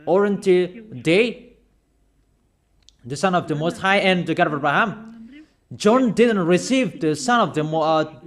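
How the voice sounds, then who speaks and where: A man preaching a sermon, insistent and repeating phrases slowly for emphasis. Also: high voice.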